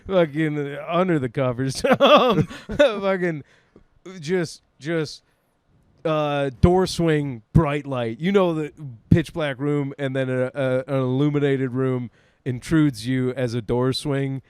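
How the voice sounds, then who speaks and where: A man's voice: fairly high pitch, slow pace, smooth, no echo. A young man co-hosting a podcast, telling a comic story, laughing through his lines, loose and profane. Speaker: podcast co-host.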